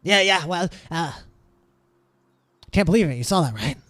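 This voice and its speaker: Man voicing a nosy, chatty guard, pitched up, dry and close. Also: animated, moderate pace, fairly bright tone, dry recording. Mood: gossipy.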